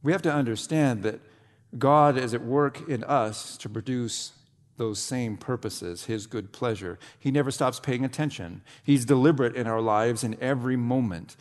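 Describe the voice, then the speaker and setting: A male pastor delivering a sermon with deliberate, dramatic pacing. He lets phrases hang and then sinks to a low, hushed tone. His voice rings out with a long reverb, as in a church sanctuary. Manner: dramatic preaching with long pauses and sudden drops to a low quiet voice.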